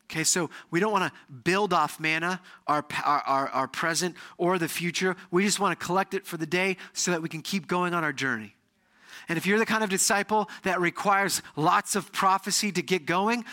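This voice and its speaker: A middle-aged man preaching as a pastor, telling stories with animated energy and acting out the voices of the people in them. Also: high-pitched, normal speed. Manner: animated storytelling, acts out quoted voices. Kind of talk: sermon. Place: church sanctuary.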